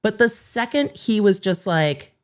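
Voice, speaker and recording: A woman host telling a story casually to camera, blunt and animated, swearing freely and acting out both sides of the conversation. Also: medium pitch, unhurried. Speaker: host and lawyer.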